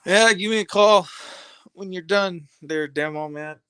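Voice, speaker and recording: A man's voice: sits high, unhurried, sharp tone, clear, resonant tone, dry recording. A man hosting a live stream, chatting casually and rambling to his viewers in streetwise slang.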